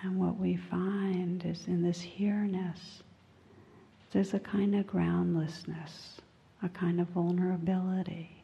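Slow, mellow, gravelly woman teaching meditation. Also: fairly low pitch, level tone, long reverb tail, dull audio. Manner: gentle and unhurried, often dropping to a whisper. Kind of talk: dharma talk. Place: large meditation hall.

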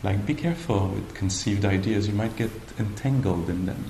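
A male meditation teacher giving a gentle, playful dharma talk with frequent pauses. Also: lowish voice, a little hiss or hum. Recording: roomy hall with faint ambience.

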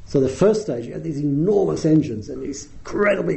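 Dark-voiced man telling wry meditation stories. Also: on the high side, expressive, a little fast, vocal fry, hardly any pauses, poor audio. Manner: wry anecdotal storytelling, chuckling at his own tales. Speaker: meditation teacher. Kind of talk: dharma talk.

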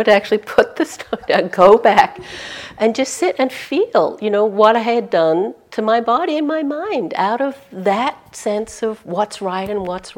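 A woman's voice: mid-range voice, a little mellow. A woman meditation teacher giving a dharma talk to a retreat audience, telling stories candidly and with self-deprecating humor.

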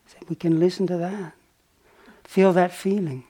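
A man giving a dharma talk as a meditation teacher, telling a story gently and unhurriedly, with pauses and small fillers. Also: high voice, steady tone. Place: retreat center meditation hall.

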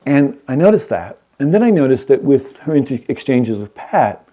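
A man who teaches meditation, telling a story to an audience in a gentle, unhurried way and often checking in with his listeners. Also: medium pitch, sing-song. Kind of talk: storytelling talk to a live audience.

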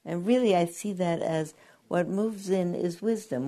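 An older woman meditation teacher giving a gentle dharma talk, telling stories with many pauses and fillers. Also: on the low side. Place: meditation hall.

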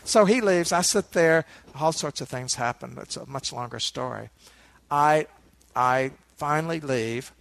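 Man, meditation teacher, dharma talk, gravelly, a bit high-pitched, relaxed storyteller. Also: a little slow. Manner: relaxed storyteller with asides to listeners.

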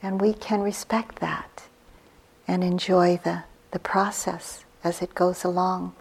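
Slow, gentle woman meditation teacher. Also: lowish voice, little pitch movement. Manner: slow, gentle, reflective storytelling with soft breathy trailing phrases. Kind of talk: dharma talk on retreat.

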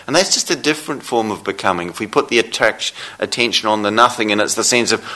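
Slow-spoken, low-voiced man teaching meditation. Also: pushed and bright. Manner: slow, reflective, with long pauses. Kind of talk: dharma talk. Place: meditation hall.

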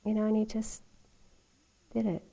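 A middle-aged woman meditation teacher giving a dharma talk, telling a personal story in a loose, conversational way with many "you know"s and soft laughs. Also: medium pitch, little pitch movement, normal speed, vocal fry. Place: meditation retreat hall.

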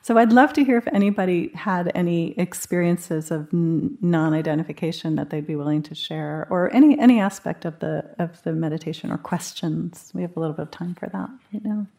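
Lowish-voiced woman leading a meditation retreat, chatty and casual, acting out little thought bubbles. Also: a little fast, creaky, few pauses. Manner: conversational, animated, acts out inner thoughts in quotes. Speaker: meditation teacher. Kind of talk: guiding a live retreat group.

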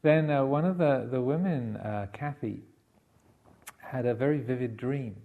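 A man giving a Buddhist dharma talk, telling a story in a halting way with many fillers and restarts. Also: mid-range voice, phone-quality sound. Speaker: Buddhist monk teacher.

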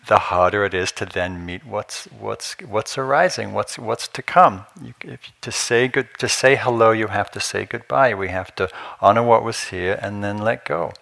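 A man with a low voice and a bright, forward ring gives a relaxed dharma talk in a meditation hall. He teaches with easy humor, shares stories and chuckles softly. His delivery stays unhurried and informal throughout. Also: vocal fry. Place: meditation hall at a retreat center.

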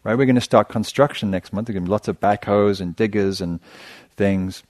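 A middle-aged man, a meditation teacher, giving a dharma talk in a relaxed storytelling manner with self-deprecating humor. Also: fairly low pitch, fairly quick, dry recording. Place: meditation center hall.

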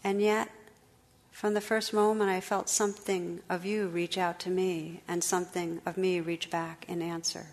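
A woman's voice: lowish voice, level tone, moderate pace, darkish tone, natural voice. Woman voicing an earnest young knight. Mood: joyful.

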